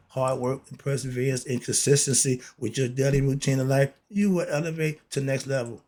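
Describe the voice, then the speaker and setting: A man's voice: mid-range voice, steady tone, brisk, hardly any pauses, a little mellow. A man talking straight to his listeners as a self-styled teacher, preachy and blunt, with street slang and lots of rhetorical questions. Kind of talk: monologue to camera.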